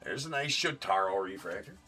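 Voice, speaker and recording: A man's voice: fairly low pitch, animated, a little fast, pushed and bright, husky, faint music behind. A man hosting a live card break stream, chatting casually and joking as he opens packs, with the odd swear.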